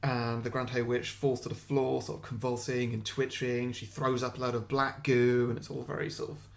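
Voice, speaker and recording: A young man co-hosting a podcast, pitching a film sequel in a self-deprecating, giggly way. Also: little pitch movement, normal speed, vocal fry. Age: young adult. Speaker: podcast co-host. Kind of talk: comic story pitch.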